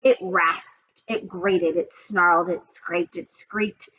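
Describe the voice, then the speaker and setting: Woman giving an expressive storybook reading. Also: on the low side, slow pace, a little hiss or hum, low-quality recording. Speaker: reader of children's books. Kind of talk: storybook read-aloud narration.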